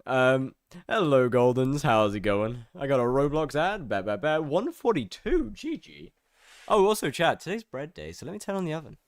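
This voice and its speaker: A man hosts a game stream from his home setup, talking loosely to his chat and rattling off greetings to viewers one after another. His pitch swings up and down a lot as he talks. The sound is close and dry, with no room echo. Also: very animated, moderate pace. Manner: offhand, self-mocking asides. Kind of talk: casual livestream chat with viewers.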